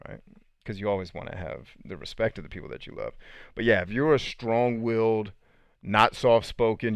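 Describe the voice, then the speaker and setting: A man's voice: lowish voice, smooth, dry recording, clean studio sound. A man hosting a podcast and reading out live chat comments in a casual, slangy way, laughing often.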